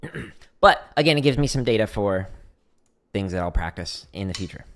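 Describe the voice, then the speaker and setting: A man's voice: lowish voice, expressive, normal speed, vocal fry. A man hosting a drumming livestream, chatting casually and explaining practice step by step with self-deprecating humor.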